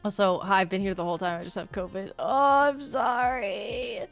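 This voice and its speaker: A young woman streaming, chatting casually with her viewers while she plays, bubbly and quick to laugh. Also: medium pitch, fairly even intonation, faint music behind. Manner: bubbly, laughs often, talks back to chat. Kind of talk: casual livestream chat while gaming.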